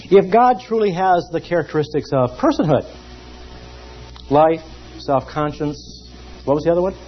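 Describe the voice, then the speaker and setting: A man teaching a theology class in a lively, emphatic lecture style, pausing often. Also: medium pitch, slight background noise. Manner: lively and emphatic, with many pauses. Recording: dull lo-fi recording.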